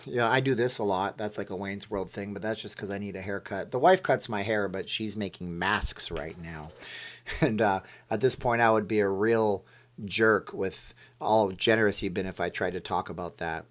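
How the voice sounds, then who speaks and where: A man's voice: lowish voice, normal speed, fairly bright tone. A man hosting a casual live stream, rambling as he reads viewer comments aloud and answers them.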